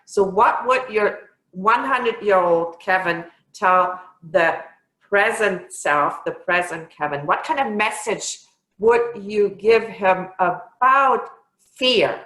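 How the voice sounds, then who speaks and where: A woman hosts an interview, talking slowly and reacting to her guest with open enthusiasm. Her voice carries a noticeable echo, as if she were recording in a bare room. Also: mid-range voice, a bit bright. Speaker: interview host. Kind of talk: casual interview.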